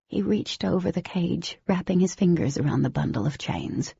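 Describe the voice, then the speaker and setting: A woman giving scripted first-person audiobook narration in a steady, even storytelling manner. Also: fairly low pitch, moderate pace, gravelly, slightly rough, no room sound, highs cut off.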